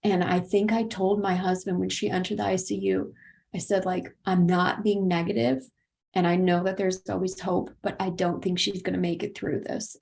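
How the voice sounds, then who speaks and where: A woman's voice: medium pitch, a little mellow. A woman in her thirties from South Carolina, a podcast guest telling an earnest, tearful personal story. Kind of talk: personal conversation.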